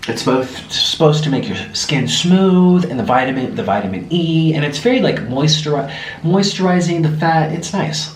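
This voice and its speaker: Young man, lively sing-song talk, eating while chatting, roomy echo, mic a bit far. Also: on the high side, normal speed, slight background noise. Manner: chatty, animated storytelling with food in mouth. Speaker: mukbang vlogger. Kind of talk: casual chat while eating. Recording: echoey room, mic somewhat far.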